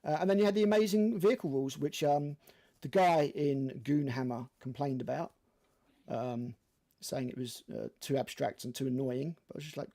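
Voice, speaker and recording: A man's voice: medium pitch, normal speed, warm tone. An older man co-hosting a casual podcast chat, ranting with frequent swearing and lots of fillers. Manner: ranting and profane, many fillers. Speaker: podcast co-host.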